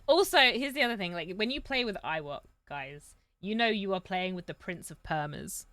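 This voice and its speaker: A woman hosting a casual live-stream chat, animated and swearing freely as she makes her points. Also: mid-range voice, moderate pace, no echo. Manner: animated, swears, rising emphasis. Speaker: show host.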